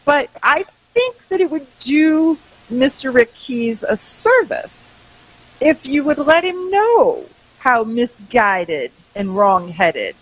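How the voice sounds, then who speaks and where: Sarcastic woman talk radio host with a husky voice, animated banter. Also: sits high, slow pace, few pauses, poor audio.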